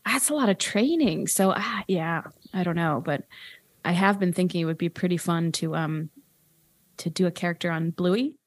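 A woman's voice: on the low side, moderate pace, dry recording. A woman co-hosting a comedy podcast, talking in a hesitant, rambling way. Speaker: podcast co-host. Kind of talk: improvised comedy chat.

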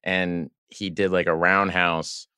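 A man guest on a podcast telling animated stories about filming, acting out the people he quotes. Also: sits low, slow, smooth, no echo, studio quality. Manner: animated, acts out quoted voices. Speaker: guest actor and director. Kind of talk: casual storytelling chat.

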